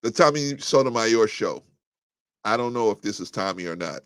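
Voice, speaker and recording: On a dry recording, a fairly low-pitched man speaks at normal speed with lively intonation. Hosting a live talk show on a livestream, he reads out viewer comments and fires back bluntly and combatively, restarting often and using plenty of fillers, his voice climbing sharply when heated.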